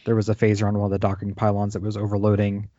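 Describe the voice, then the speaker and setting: A man's voice: lowish voice, monotone, very fast, mellow, no room sound, lo-fi sound. A man co-hosting a podcast, tossing in dry, sarcastic remarks. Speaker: podcast co-host. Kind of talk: casual chat.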